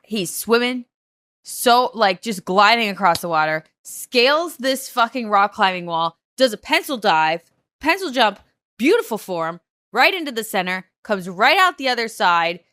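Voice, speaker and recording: A woman's voice: mid-range voice, sing-song, moderate pace, pushed and bright, dry recording, studio quality. A woman co-hosting a podcast, recapping a reality show in casual chat with sarcastic, exasperated ranting. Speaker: podcast co-host.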